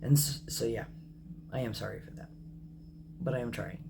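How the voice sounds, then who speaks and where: A man in his thirties talking candidly in a personal video diary, reflective and apologetic, often pausing with ums and correcting himself. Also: mid-range voice, creaky, noisy background. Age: 30s. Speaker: vlogger.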